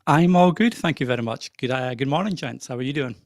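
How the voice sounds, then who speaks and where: Middle-aged Scottish man, softened accent, easygoing guest, close dry mic. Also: mid-range voice, quick pace, dry recording. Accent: soft Scottish. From Scotland. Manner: laughs easily, friendly. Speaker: podcaster guest. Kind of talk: casual live chat.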